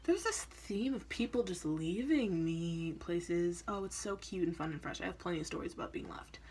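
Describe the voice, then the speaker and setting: A woman's voice: fairly low pitch, expressive, moderate pace, darkish tone, a little hiss or hum. A young woman vlogger telling a story in a casual, chatty way, often laughing and acting out what people said. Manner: chatty, laughing, acts out quoted lines.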